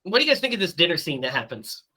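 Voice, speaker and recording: A woman co-hosting a casual movie podcast, chatty and quick to laugh, talking while she has the hiccups. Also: lowish voice, big pitch swings, sharp tone. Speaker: podcast co-host.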